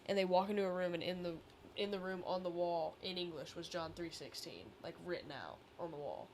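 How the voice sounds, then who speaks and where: A woman's voice: on the low side, brisk, a little mellow, a little hiss or hum. A woman telling a story in casual chat, chatty with many fillers. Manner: chatty, many likes and ums.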